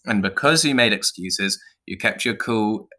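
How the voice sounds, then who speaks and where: A man's voice: lowish voice, animated, measured pace, sharp tone. A man voicing a blunt, foul-mouthed male owl who preaches about being a predator. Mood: preachy. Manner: pushy, preachy, swearing.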